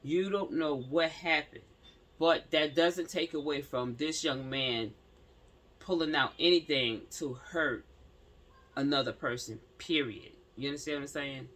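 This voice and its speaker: A man's voice: mid-range voice, measured pace, fairly bright tone. A man works through a news article line by line in a medium, everyday voice. He stumbles over longer words and stops often to talk straight to his audience in casual slang, mixing plain reading with offhand commentary. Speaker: commentary channel host.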